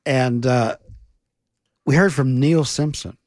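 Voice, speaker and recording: A man's voice: mid-range voice, takes it slowly, darkish tone, no room sound, clean studio sound. A man hosting a radio music show, introducing records in a chatty way with many fillers. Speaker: radio host. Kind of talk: casual radio banter.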